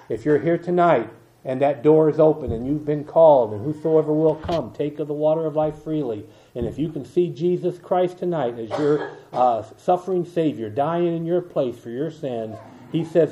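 An older man preaching an evening sermon, with a mellow, somewhat higher voice. He stretches out scripture verses with weight and slips into quiet, soft asides. The recording sounds dull and lo-fi. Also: animated. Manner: reads King James verses slowly and with emphasis, asides in a dropped voice.

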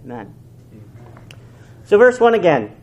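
A male pastor delivers a fervent sermon, his voice rising to loud, emphatic peaks and dropping to hushed lows. His pitch moves constantly and expressively, with words repeated for emphasis. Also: very animated, normal speed. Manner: repeats and restarts phrases for emphasis.

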